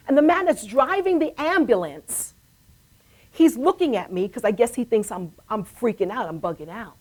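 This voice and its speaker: A middle-aged woman hosts a live web show and tells her story in a preaching style. She repeats phrases for weight and pushes her voice to loud, emphatic declarations of faith. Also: a little high, big pitch swings, moderate pace. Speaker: talk show host.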